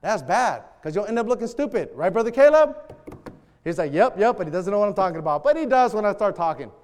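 A man preaching a sermon as a pastor, animated, acting out quoted prayers. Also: sits high, fast, long reverb tail.

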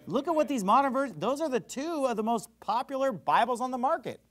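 A man preaching a sermon as pastor, fiery and emphatic, swinging between loud bursts and quiet asides. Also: extremely high pitch, animated, fast.

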